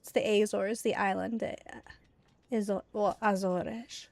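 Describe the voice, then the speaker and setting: A woman's voice: medium pitch, fairly even intonation, unhurried, vocal fry, a little mellow. A woman from the United States casually chatting while streaming a game, explaining words to her chat at an easy pace. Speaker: streamer and mother.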